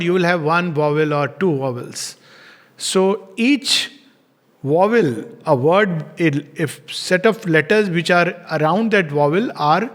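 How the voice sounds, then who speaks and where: A man giving a gentle, unhurried spiritual talk, slowing down to stress words as he explains. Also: high-pitched. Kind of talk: reflective spoken lecture. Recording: long hall reverb.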